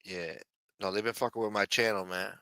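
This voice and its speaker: A man's voice: lowish voice, fairly even intonation, fairly quick, pushed and bright, clean tone, dry recording. A man with a New Jersey accent hosting a casual livestream, reading the chat aloud in rambling, profane street talk. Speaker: livestream host.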